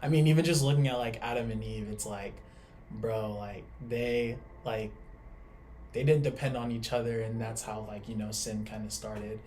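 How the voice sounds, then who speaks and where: A man's voice: fairly low pitch, steady tone, normal speed, darkish tone, faint music behind. A young man in casual faith discussion, talking loosely with lots of "like" and trailing thoughts. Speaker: co-host.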